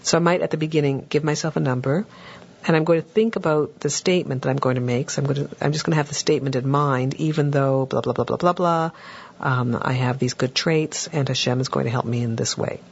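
A woman's voice: rumbling low, steady tone, quick pace, vocal fry, a little mellow, husky, muffled recording. A woman therapist patiently teaching a tapping technique, walking through examples step by step. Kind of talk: instructional talk.

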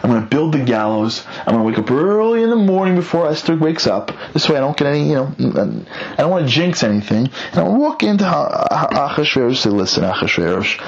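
A man's voice: fairly high pitch, very animated, fairly quick, creaky, dull audio. A man voicing a scheming, boastful male villain who talks in a smug, gloating way. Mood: plotting.

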